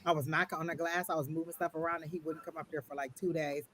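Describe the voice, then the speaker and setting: A man giving a live online psychic tarot reading, gentle and reassuring, who often repeats phrases. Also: a little high, little pitch movement, fast, a little hiss or hum.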